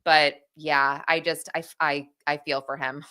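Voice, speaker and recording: A woman commenting on a true crime case in casual podcast chat, halting and repeating words as she talks. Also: deep voice, little pitch movement, sharp tone, smooth.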